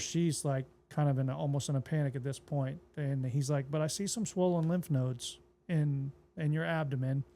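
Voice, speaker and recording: A man with a fairly high, mellow voice tells his own story as a guest on an interview podcast. He speaks plainly and casually and slips into quoted dialogue as he goes. He sounds like a pastor talking easily with a friend. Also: vocal fry. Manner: relaxed, plainspoken retelling that acts out quoted dialogue.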